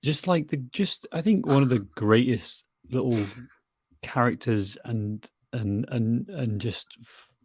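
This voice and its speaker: A man's voice: mid-range voice, a little mellow, slightly rough, dry recording. A man co-hosting a film podcast in casual chat, often repeating words as he searches for what to say. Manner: halting, repeats words while searching for them. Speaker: podcast co-host.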